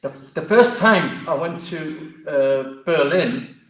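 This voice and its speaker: A man with a Geordie accent, a martial arts guest telling stories in a lively, chatty way. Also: a little high, slow pace. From Newcastle, England. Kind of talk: casual storytelling interview. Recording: echoey room.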